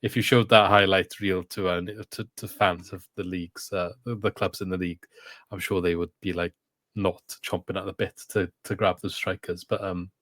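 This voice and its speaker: A man's voice: low-pitched, little pitch movement, moderate pace, fairly bright tone, no echo, studio quality. A man hosting a casual podcast over a video call, chatty and steering the talk with questions. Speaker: podcast host.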